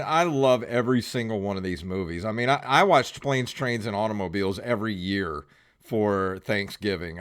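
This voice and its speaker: Enthusiastic low-voiced man on a podcast. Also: smooth. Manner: enthusiastic, piles up favorites. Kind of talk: casual chat.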